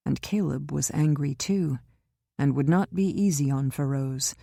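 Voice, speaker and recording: Gravelly woman narrating a thriller. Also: low voice, a little slow, mellow, no echo, studio quality. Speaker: audiobook narrator.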